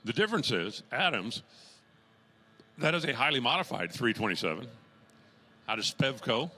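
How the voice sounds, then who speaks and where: A man's voice: medium pitch, big pitch swings, normal speed, pushed and bright. A man calling drag races as the track announcer, filling the gaps between runs with chatty jokes and puns and raising his voice as the cars launch. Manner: raises his voice during launches and finishes. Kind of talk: live race commentary.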